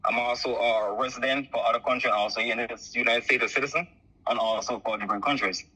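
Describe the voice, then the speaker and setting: A man's voice: medium pitch, fairly even intonation, fast talker, pushed and bright, slightly rough. A Jamaican man calling in over the phone to tell a long personal story, rambling and repeating "so forth like that.". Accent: Jamaican, softened by years abroad. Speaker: caller. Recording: muffled phone line.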